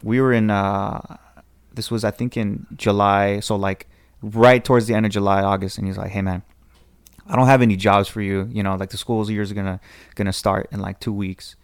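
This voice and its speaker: A man's voice: on the low side, flat delivery, moderate pace, clean tone, no echo, clean studio sound. A young man with a Californian accent telling a long rambling story in casual chat, acting out the voices of people in it. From Southern California. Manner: rambling, with restarts and acted quotes. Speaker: podcast guest telling a story.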